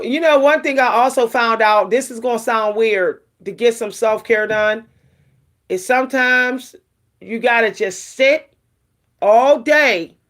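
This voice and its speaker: A middle-aged woman vlogging casually about self-care, talking frankly and rambling with lots of fillers. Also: a little high.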